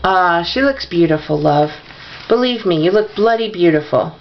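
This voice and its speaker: A tired father cracks teasing jokes in a storybook reading, as a woman puts him on. The voice is low and gravelly over a dull, lo-fi recording. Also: lively intonation, normal speed, slight background noise. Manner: teasing, jokey. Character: joking, tired father teasing his daughter.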